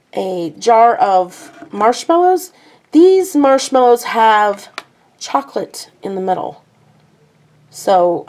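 A woman's voice: fairly high pitch, a little mellow. An older woman chatting casually through a home tour of her kitchen, rambling and self-mocking.

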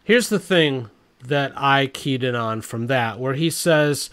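A man's voice: mid-range voice, slow pace, a bit bright, clear, resonant tone. A middle-aged man giving blunt, exasperated commentary on the news from his home. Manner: blunt, exasperated, reads quotes aloud. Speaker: commentary channel host.

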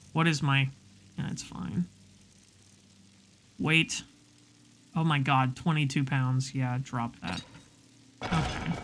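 A man playing a video game and commenting casually, excitable and swearing, taunting the enemies he fights. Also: mid-range voice, a little hiss or hum. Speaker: let's play host.

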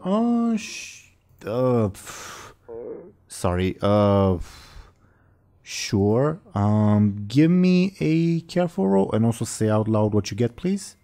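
A man narrating as game master of a tabletop role-playing game over a voice call, talking in a rambling, halting way full of fillers, and he has the hiccups. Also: mid-range voice, sing-song, dark tone.

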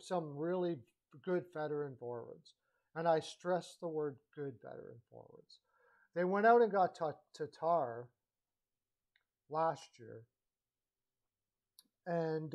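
A man's voice: on the high side, muffled recording. A man giving a blunt, opinionated, rambling solo talk as a hockey commentary vlogger, often correcting himself mid-sentence. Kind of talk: casual opinionated monologue.

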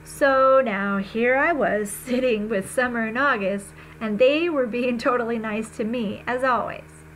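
A woman's voice: a little high, a little slow, a little hiss or hum, low-quality recording. Woman reading a novel aloud. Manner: conversational, expressive reading with small slips. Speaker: reader.

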